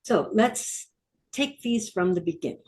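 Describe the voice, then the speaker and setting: A woman's voice: medium pitch, lively intonation, a little slow, a little mellow. A middle-aged woman teaching a Hebrew vocabulary lesson, patiently repeating each word and asking listeners to say it with her.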